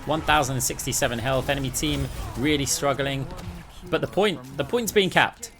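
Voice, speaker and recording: A man from the UK, a gaming YouTuber, giving quick, excited play-by-play of his own match with asides to viewers. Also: mid-range voice. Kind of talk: gameplay commentary. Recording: clear game music underneath.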